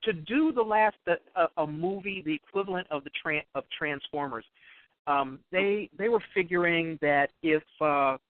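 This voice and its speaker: A man hosting a radio talk show, speaking haltingly and repeating words as he builds his point. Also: a little high, no room sound, phone-quality sound. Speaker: radio host. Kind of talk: casual radio conversation.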